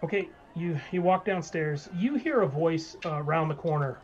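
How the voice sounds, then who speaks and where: A man's voice: a little high, lively intonation, normal speed, lo-fi sound, a little hiss or hum. A man narrating as game master of a tabletop game, describing scenes with many fillers.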